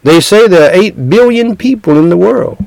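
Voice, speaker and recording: A man's voice: high voice, expressive, moderate pace, creaky, darkish tone, no echo, low-quality recording. A man preaching an evangelistic sermon, speaking earnestly and directly to the listener and leading a prayer phrase by phrase.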